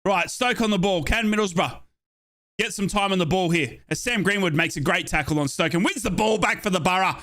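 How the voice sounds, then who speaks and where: Excitable Australian man commentating football. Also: high voice, brisk. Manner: chatty and excitable, with playful asides. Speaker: fan commentator on a match watchalong. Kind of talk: live play-by-play football commentary.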